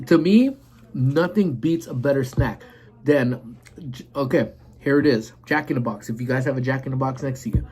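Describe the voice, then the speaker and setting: A man's voice: on the high side, slightly rough. A man in his forties hosting a casual live stream, rambling and greeting viewers while eating.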